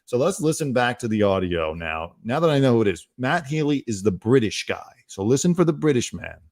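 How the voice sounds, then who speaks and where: A man's voice: medium pitch, sing-song, fairly quick, darkish tone, no room sound, studio quality. A man hosting a comedy news show, riffing on the day's stories in a rambling, sarcastic monologue that keeps correcting itself.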